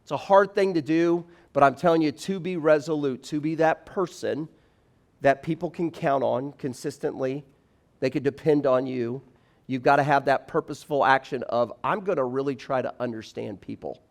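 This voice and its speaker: A man in his forties giving a chapel talk to students in an animated, conversational way, acting out little scenes as he goes. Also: medium pitch, normal speed. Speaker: campus speaker.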